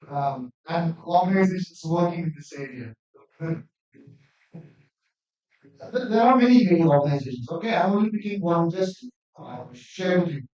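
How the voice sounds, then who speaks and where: A male academic lecturer gives a conference presentation in an earnest manner that builds toward emphatic appeals. His voice is high and a little mellow, captured by a distant mic in an echoey hall with dull sound.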